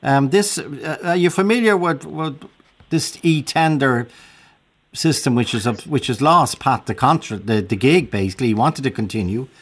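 A man's voice: mid-range voice, lively intonation, normal speed, breathy edge. A man hosting an Irish radio phone-in, chatty and conversational, with a lot of hesitant restarts. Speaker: radio show host.

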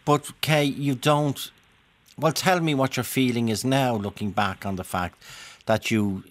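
An Irish man hosting a radio phone-in, gently probing a caller and often restarting his sentences. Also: mid-range voice, fairly even intonation, measured pace. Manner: gentle, probing, repeats himself and says okay a lot.

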